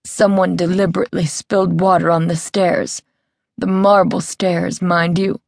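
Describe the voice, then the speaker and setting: A woman's voice: on the low side, little pitch movement, a little slow, gravelly, dry recording. Whimpering, aggrieved melodramatic woman, read by a female narrator; dry studio sound. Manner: aggrieved, histrionic, soft distressed tone.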